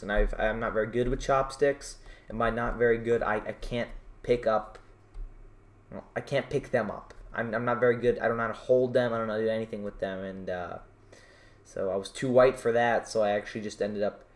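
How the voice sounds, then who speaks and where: A man performing a self-written stand-up routine for his channel, rambling with many restarts. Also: on the low side. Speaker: vlogger doing stand-up.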